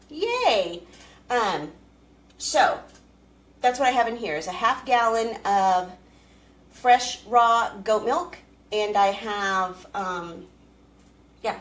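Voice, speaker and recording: Brief: woman homestead host, chatty and rambling while cooking, mid-pitched, roomy kitchen sound. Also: fairly bright tone. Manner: chatty and rambling, greets viewers by name. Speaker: homesteading live-stream host. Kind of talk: casual live-stream chat while cooking. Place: home kitchen. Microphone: camera she moves around the kitchen.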